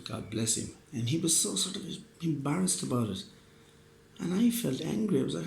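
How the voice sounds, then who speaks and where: Gravelly man rambling tipsy. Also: on the high side, expressive, moderate pace. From Ireland. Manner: profane, rambling, earnest, with frequent laughs and restarts. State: drunk. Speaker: podcast host. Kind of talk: rambling casual monologue. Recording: roomy echo, faint background noise.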